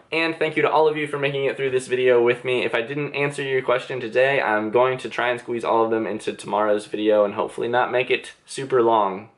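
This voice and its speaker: A young man with a slightly low voice chats through viewer questions in a casual vlog from his bedroom. He is self-deprecating and loose, leaning on filler words as he answers. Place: bedroom with reading chair.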